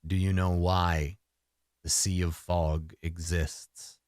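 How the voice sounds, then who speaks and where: A towering male forest spirit with antlers speaks in a deep, resonant voice, as a man puts him on. He talks slowly and gravely, with a low pitch, and each word is weighed. The sound is dry and close. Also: level tone, darkish tone, no echo. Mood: solemn. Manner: slow, grave, measured speech.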